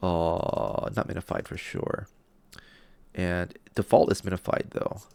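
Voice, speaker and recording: With a low, gravelly, slightly mellow voice and a steady tone, he takes things slowly while livestreaming his game coding. He mutters and thinks out loud, occasionally whispering, loopy and hard on himself, and the recording has no room sound.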